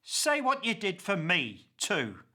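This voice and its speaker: Man voicing an old pauper: bitter, accusing, very slow, a high and sharp voice. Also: wildly swooping pitch, exaggerated voice. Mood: scornful. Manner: slow, declamatory and impassioned. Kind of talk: dramatic verse recitation.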